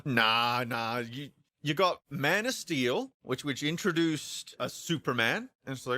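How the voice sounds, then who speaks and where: A man's voice: mid-range voice, expressive, unhurried, bright, forceful tone, dry recording. A man ranting casually on a livestream, stammering and repeating himself, acting out both sides of imagined conversations. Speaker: streamer discussing films.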